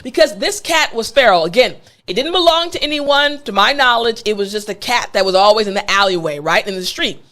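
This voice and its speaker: A woman's voice: fairly high pitch, animated, brisk, hardly any pauses, bright, forceful tone. A woman with an American accent, an English teacher telling a story in a playful, conversational way. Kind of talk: storytelling lesson.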